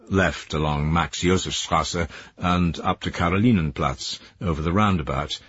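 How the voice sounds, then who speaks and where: A man narrating an audiobook in a measured, expressive way. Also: low voice, breathy edge, dry recording, dull audio.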